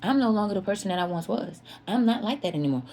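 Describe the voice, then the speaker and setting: A woman's voice: medium pitch, expressive, fast, mellow, a little hiss or hum. A woman telling a candid personal story to her viewers in an earnest, confessional way. She repeats herself for emphasis and often speaks to her listeners as "y'all.".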